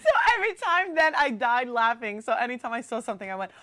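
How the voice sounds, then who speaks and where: A woman co-hosting a casual chat podcast, telling a story with animated acted-out quotes and casual swearing. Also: fairly high pitch, fast talker. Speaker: podcast co-host.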